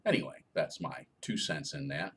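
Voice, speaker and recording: A man's voice: a bass voice, animated, moderate pace, husky. A man co-author answering reader questions in a casual chat, explaining things in a jokey way.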